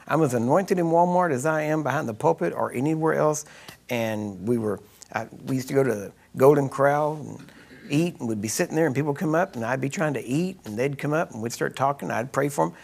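A man's voice: medium pitch, fast talker, creaky, a little mellow. A man with a Texan accent teaching a healing ministry class, telling chatty stories, laughing often and acting out the voices he quotes. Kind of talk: storytelling teaching session.

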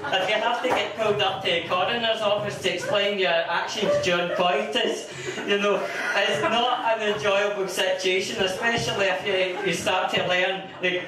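A Scottish man doing a crude, rambling stand-up comedy set with frequent stammers, recorded from far off in a club. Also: high voice. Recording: echoey room from far off, noisy. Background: audience laughter.

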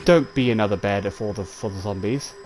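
A man's voice: fairly low pitch, fairly quick, music in the background. Jittery, swearing male gamer. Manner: jittery, swearing, talks to viewers. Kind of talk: let's play commentary.

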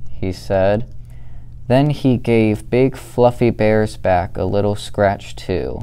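A young man, a student volunteer, reading a children's story aloud in a slow, steady, gentle manner. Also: lowish voice, clean tone.

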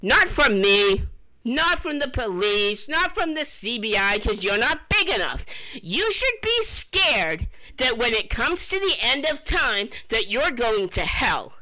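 Scornful woman berating someone, lively voice. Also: on the high side, a little slow, poor audio. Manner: insulting, taunting, scornful. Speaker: scambaiter confronting a scammer. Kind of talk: heated phone confrontation.

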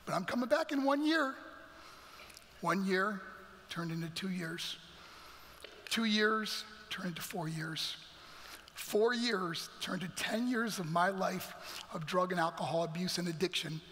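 Middle-aged male guest speaker, high bright voice, dramatic testimony, big church echo. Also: unhurried, long pauses. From New York. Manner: dramatic, emphatic storytelling with acted quotes. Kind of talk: motivational testimony. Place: large church hall. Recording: reverberant church hall.

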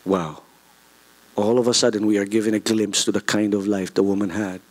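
A man with a Filipino accent preaching a sermon, animated, mixing English and Tagalog with jokey asides. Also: on the low side, fairly quick.

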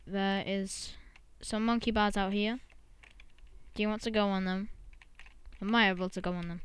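A woman's voice: mid-range voice, fairly bright tone, clean tone. A woman chatting casually while she plays a game, talking to her pet monkey as she goes. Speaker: gamer.

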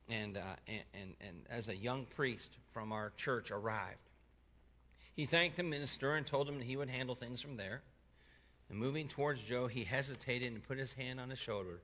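Reading a first-person story to a church congregation, this mid-range male voice is expressive throughout. Grave passages draw a slower, softer delivery from him, and now and then he trips over a word and corrects himself.

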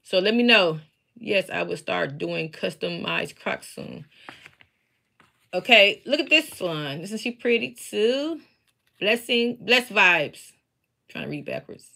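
This woman's voice runs on the low side: gravelly yet bright, forceful, expressive, and slow. She's a craft seller and teacher live streaming casually from her basement at home, addressing viewers directly as she shows her embroidered patches.

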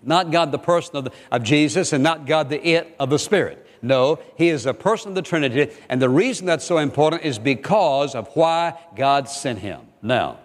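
A man's voice: a little high, expressive, normal speed, few pauses, big-room sound. An older man preaching a sermon as pastor, emphatic and repetitive, questioning his listeners directly.

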